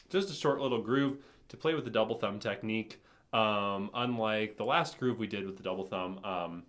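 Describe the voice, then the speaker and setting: Jokey low-voiced man teaching bass. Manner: jokey, chatty, upbeat. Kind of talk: casual music lesson.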